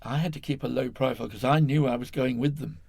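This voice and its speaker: A man's voice: mid-range voice, steady tone, fast, vocal fry, darkish tone, breathy edge, no room sound. An older man from England, a guest in an interview, telling a long story in a rambling, self-correcting way, chuckling as he goes.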